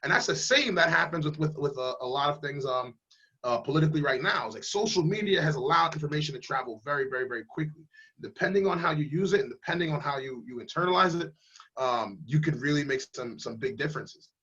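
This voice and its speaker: A man's voice: on the high side, lively intonation, fast talker, pushed and bright, husky, highs cut off. A man running for Congress who speaks emphatically and bluntly in a casual interview over a video call. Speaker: congressional candidate.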